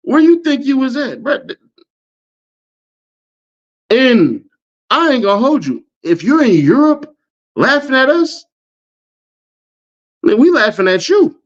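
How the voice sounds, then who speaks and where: Animated, high-voiced man ranting. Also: a little slow, pauses often. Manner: animated slangy rant, laughs often. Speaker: online commentator. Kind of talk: reacting to viewer comments. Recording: dull lo-fi audio.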